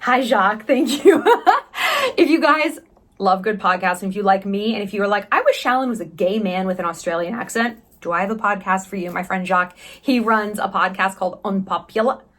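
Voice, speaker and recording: A woman in her thirties from the United States, chatting candidly in a travel vlog, sarcastic and quick with profane asides. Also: mid-range voice, fairly bright tone. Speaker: vlogger. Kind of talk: casual travel vlog chat.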